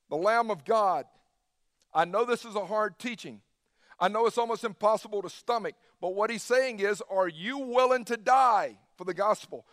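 Male pastor, high voice, dry close sound, emphatic sermon with casual slang. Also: fairly bright tone, no echo. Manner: emphatic preaching, acting out Jesus's words with casual slang.

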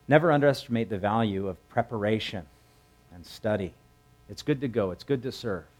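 A man with a lowish voice preaches a sermon in a relaxed, conversational way. He tells the story like a chat with the congregation. He jumps up in pitch to act out the characters' lines. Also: brisk. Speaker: pastor.

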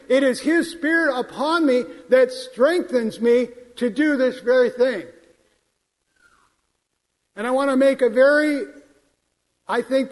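A man preaching a sermon in a church, quoting scripture in a measured, emphatic way. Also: very high-pitched. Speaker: pastor. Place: church sanctuary. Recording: long hall reverb.

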